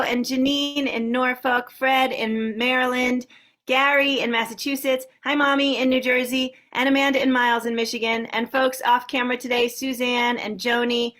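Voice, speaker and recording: A woman hosting a sing-along on a video call, warmly greeting many participants by name. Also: sits high. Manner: warm, upbeat greetings to a long list of participants. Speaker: host. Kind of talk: casual welcome on a video call.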